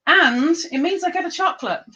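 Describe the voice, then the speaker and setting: A woman's voice: fairly high pitch, fairly bright tone, muffled recording. Chatty woman hosting a stream game. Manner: chatty, talks with her mouth full while eating. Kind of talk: casual live-stream chat.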